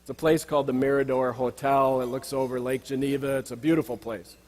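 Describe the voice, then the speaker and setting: A man's voice: medium pitch, little pitch movement, a little fast, darkish tone. A middle-aged man and executive coach giving a reflective, anecdotal banquet speech while pointing out slides. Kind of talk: storytelling speech. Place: banquet hall. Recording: long reverb of a banquet hall.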